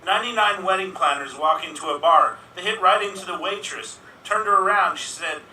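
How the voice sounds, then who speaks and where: A man's voice: high-pitched, brisk, pushed and bright, distant mic, a little hiss or hum. A man telling improvised jokes in a rambling, playful way, recorded in an echoey room away from the mic. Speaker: improv player.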